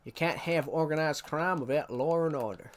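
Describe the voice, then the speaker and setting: A man's voice: a little high, normal speed, a little hiss or hum, close to an everyday voice. Swaggering cowboy sheriff with a drawl, as a man puts him on for fun. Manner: drawling put-on accent.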